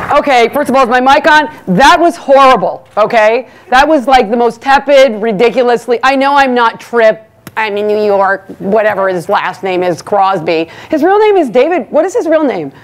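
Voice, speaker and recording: A woman doing a brash stand-up monologue as master of ceremonies, teasing the crowd and talking fast. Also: a little high, lively intonation. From United States. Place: banquet hall before a live audience.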